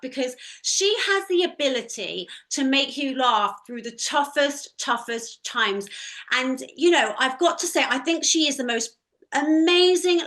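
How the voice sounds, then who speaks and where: A woman's voice: high-pitched, bright, forceful tone. A woman speaking as a guest on a talk show panel, gushing and sincere.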